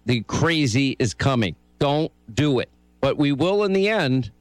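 Male talk radio host, urgent and forceful, mid pitch, dry close studio sound. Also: smooth, no room sound.

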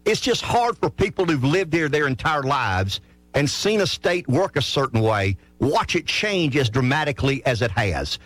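A man's voice: on the high side, sing-song, moderate pace, fairly bright tone, no echo, soft background music. A man from South Carolina hosting a call-in radio talk show, talking earnestly and often restarting his sentences. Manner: earnest, stammering restarts when making a point. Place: radio studio.

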